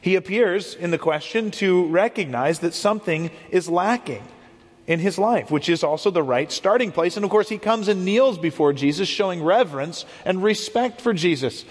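A man's voice: high voice, expressive, moderate pace. A man preaching a sermon as a pastor, explaining earnestly and often repeating words as he goes. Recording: long hall reverb.

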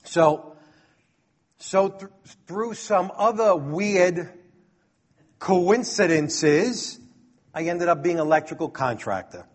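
A man's voice: high-pitched, slow pace, long pauses. A middle-aged man from Brooklyn, telling a personal story and acting out the dialogue with chuckles. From Brooklyn, New York. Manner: lively, acts out dialogue, chuckles.

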